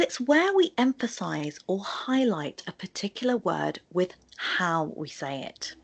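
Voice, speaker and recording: A woman's voice: on the low side, creaky, breathy edge. A woman presenting a scripted video lesson on sentence stress, explaining with spoken examples. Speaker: English tutor in a video.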